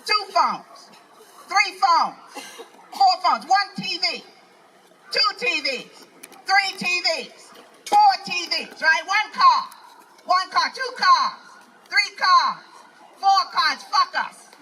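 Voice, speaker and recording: A woman's voice: extremely high pitch, animated, slow, pauses often, bright, forceful tone, slight background noise, low-quality recording. An older woman with a New York accent doing a live stand-up set, ranting in a brash, profane, preachy way. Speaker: stand-up comedian. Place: outdoor festival stage.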